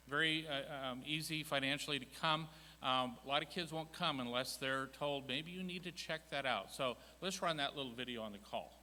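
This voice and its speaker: A man's voice: fairly high pitch, bright, forceful tone, in a large hall, rough recording. A man chairing a ministry department, giving a folksy, self-deprecating, humorous church presentation. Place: church sanctuary.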